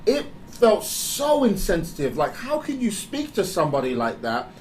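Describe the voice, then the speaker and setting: A man speaking in a slightly high voice tells a personal story in a candid motivational talk. He is animated and confessional, often laughing as he talks. A faint hiss of room noise sits under his voice. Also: normal speed, low-quality recording.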